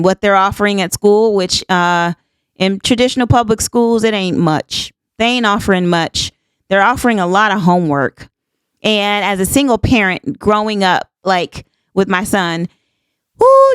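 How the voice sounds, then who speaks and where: A woman's voice: medium pitch, sing-song, normal speed, clear, resonant tone, dry recording. A woman in her fifties hosting a podcast, talking in an earnest, emphatic, folksy way and repeating herself for emphasis. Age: 50s. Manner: folksy, says "honey child" and "y'all". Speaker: podcast host. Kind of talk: casual monologue.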